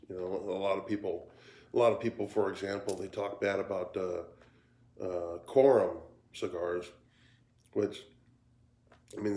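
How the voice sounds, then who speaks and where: A man talking casually in a cigar review vlog, tired and yawning, with a halting way of speaking that repeats words. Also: low-pitched, darkish tone. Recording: roomy echo.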